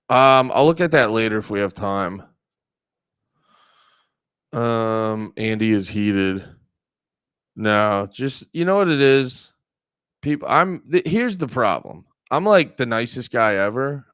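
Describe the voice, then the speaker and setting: A man's voice: on the low side, fairly bright tone, smooth, no echo, clean studio sound. A man hosting a casual livestream, rambling and joking with frequent swearing while talking straight to his chat. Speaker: livestream host.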